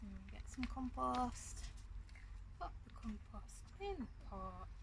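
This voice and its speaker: Outdoors in a garden, a woman gardening vlogger chats casually while repotting plants, giggling now and then and talking to her dog between steps. Her voice is a little high and sing-song with vocal fry, and she takes it slowly. The outdoor recording is noisy.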